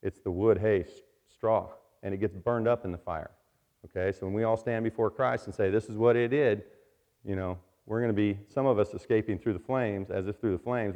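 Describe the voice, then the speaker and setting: Low-voiced man preaching a casual testimony. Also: a little mellow, highs cut off. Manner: conversational, frequent fillers and asides to the congregation. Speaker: lay preacher giving testimony. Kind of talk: church sermon with personal testimony. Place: church.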